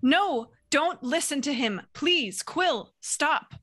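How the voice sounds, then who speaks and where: A woman's voice: sits high, animated, slow, a bit bright, pitched above the performer's own voice, exaggerated voice. A woman game master voicing a desperate young woman who pleads with a friend. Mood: pleading. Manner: pleading, urgent.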